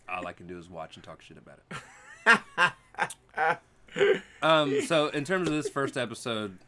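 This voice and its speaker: A man co-hosting a casual chat podcast. His voice is bright and forceful, with a middle pitch. His takes come out blunt and opinionated, with plenty of swearing. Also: big pitch swings, takes it slowly, pauses often. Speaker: podcast co-host; parent.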